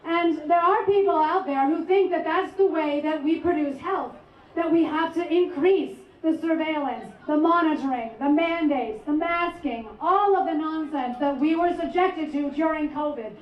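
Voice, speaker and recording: A woman professor born abroad giving a measured, articulate speech to a rally crowd. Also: sits high. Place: outdoor rally over loudspeakers. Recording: echoey distant lo-fi rally sound.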